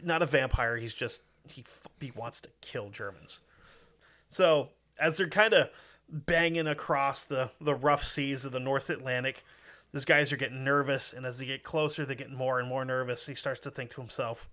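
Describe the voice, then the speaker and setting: A man's voice: medium pitch, normal speed, pushed and bright. A man telling a war story in a casual podcast chat, profane and emphatic.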